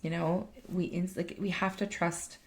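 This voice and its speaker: A woman's voice: fairly low pitch, steady tone, a little slow. A woman life coach and podcast co-host chatting casually, emphatic, swearing freely and often restarting her sentences. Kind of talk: casual chat.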